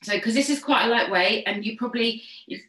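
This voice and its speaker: A woman's voice: a little high, brisk, sharp tone. A woman teaching a pilates class, cueing and counting each move in an encouraging way while slightly out of breath. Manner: encouraging, counts reps and gives step-by-step cues. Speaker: fitness instructor. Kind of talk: online pilates class instruction. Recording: echoey room.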